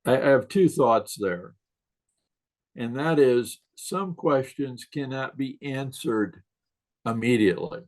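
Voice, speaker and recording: A man who is a guest on a video-call interview, telling anecdotes in a relaxed way and laughing at his own stories. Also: medium pitch, takes it slowly, low-quality recording. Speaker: guest author on questions. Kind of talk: casual interview storytelling.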